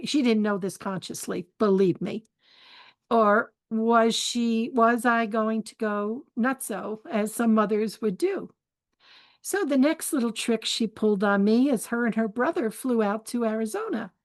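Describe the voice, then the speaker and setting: An older woman hosting a spiritual forum tells family stories in a chatty, candid way and turns them into life advice. Her voice sits a little high, and there is no echo.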